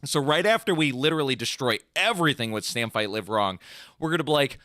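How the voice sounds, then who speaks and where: Animated, rambling young man. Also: medium pitch, fast, no echo, clean studio sound. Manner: rambling and animated, full of "like", mimics riffs with "bum" and "dun" sounds. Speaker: podcast co-host and band singer. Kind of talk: casual chat.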